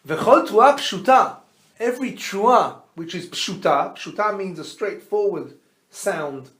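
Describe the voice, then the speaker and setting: A man, a rabbi, teaching a Torah class as an animated storyteller who quizzes his listeners and mixes Hebrew terms into his teaching. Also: sits high, slow. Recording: roomy echo.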